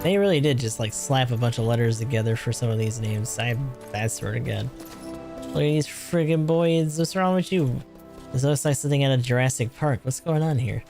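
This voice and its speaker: A man's voice: mid-range voice, a little fast, a little mellow, faint music behind. A man streaming a game, making casual, wry, crude asides and laughing at the characters. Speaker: gaming streamer. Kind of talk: casual gameplay commentary.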